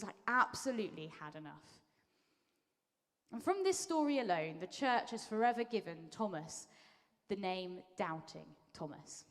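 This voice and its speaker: Lively woman preacher in an echoing hall. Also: medium pitch. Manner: lively storytelling, acting out quotes in voices. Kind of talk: conversational sermon. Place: church hall. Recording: long reverb of a large hall.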